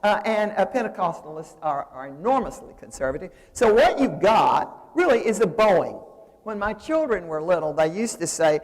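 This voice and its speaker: A woman's voice: fairly low pitch, big pitch swings, normal speed. A woman lectures in a seminary hall, and her voice carries a long reverb off the room. She talks in a loose, conversational way, circling back and restarting sentences with plenty of "uh"s as she explains. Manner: conversational, digressive, with frequent fillers and restarts.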